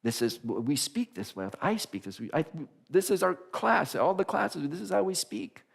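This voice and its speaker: A male minister giving a conversational sermon in a church, animated, often restarting phrases and laughing. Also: sits high, normal speed, vocal fry, slightly rough. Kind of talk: casual sermon. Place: church sanctuary.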